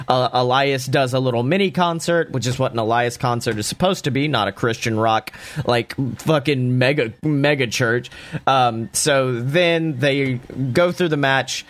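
Profane, excitable young man recapping. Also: dry recording. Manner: excited, profane, acts out quotes in raised pitch. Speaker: wrestling show reviewer. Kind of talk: casual recap commentary.

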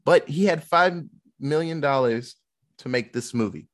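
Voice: mid-range voice, a little slow. A podcast host in casual movie-review chat who jokes, acts out quotes and swears freely.

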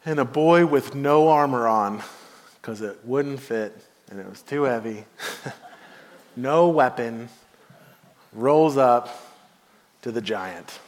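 A man preaching a sermon as pastor, telling a story and swinging between hushed and emphatic delivery. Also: medium pitch, slow pace, long pauses. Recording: long hall reverb.

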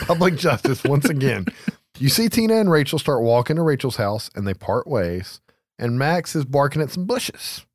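Man, casual movie recap, swears and laughs a lot, very expressive pitch, dry close sound. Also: normal speed, no echo. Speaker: podcast co-host.

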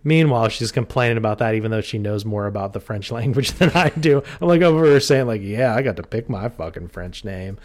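A man's voice: lowish voice, expressive, fairly quick, few pauses. A man co-hosting a horror podcast who teases his co-host, swears freely and laughs often. He grew up in Pennsylvania. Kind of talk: casual banter.

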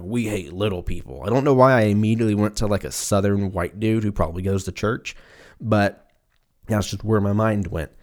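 A man's voice: on the low side, darkish tone. A young man in his twenties hosting a solo comedy podcast, rambling through profane tangents. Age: 20s. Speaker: podcast host.

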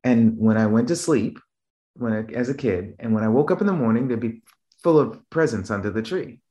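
An animated, slightly fast-talking man with a dark tone tells stories in a loose, rambling, conversational way; he's a business trainer from the Boston area. "Right?" check-ins and restarts come often, and he mimics quoted voices in a higher pitch. The audio sounds dull.

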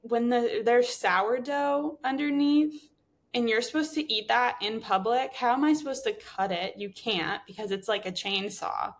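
Female podcast host, hoarse and gravelly, casual opinionated chat. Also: fairly high pitch, measured pace. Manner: chatty, opinionated hot takes. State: voice giving out, hoarse.

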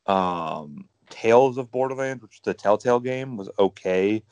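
A man's voice: fairly low pitch, lively intonation, normal speed, darkish tone, dry recording. A man co-hosting a podcast, rambling enthusiastically about games with lots of fillers. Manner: rambling, enthusiastic gamer talk with many fillers. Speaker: podcast co-host. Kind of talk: casual chat.

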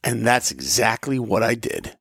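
Gravelly, lively-voiced male podcast host. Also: lowish voice, normal speed, no echo, clean studio sound. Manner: earnest, storytelling with acted-out quotes. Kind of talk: motivational podcast monologue.

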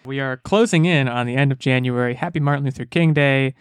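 Smooth-voiced man hosting a casual podcast. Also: medium pitch, fairly quick, dry recording. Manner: animated, joking and rambling. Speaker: podcast host.

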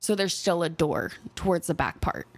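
A woman's voice: lowish voice, normal speed. A woman co-hosting a podcast, casually telling a true-crime story and acting out the quotes. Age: adult, has a young son. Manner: animated storytelling, acts out quotes. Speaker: podcast co-host.

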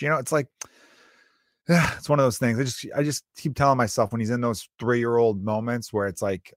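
A man's voice: medium pitch, a little fast, no room sound, clean studio sound. A man in his thirties and a father of two, talking casually and comically, acting out scenes with his kids and swearing freely. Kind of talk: casual comedic monologue.

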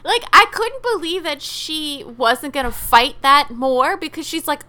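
A woman co-hosting a casual podcast, her voice pitched high and bright. She tells stories with animation, slipping into little acted-out quotes and laughing often. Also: expressive, a little slow, hardly any pauses. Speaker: podcast co-host. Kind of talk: casual chat.

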